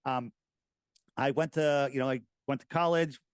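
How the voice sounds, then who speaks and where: Animated rambling middle-aged man. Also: medium pitch, normal speed, clear, resonant tone, no room sound. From United States. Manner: animated, rambling storyteller with many restarts. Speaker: podcast host, guest. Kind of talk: casual interview talk.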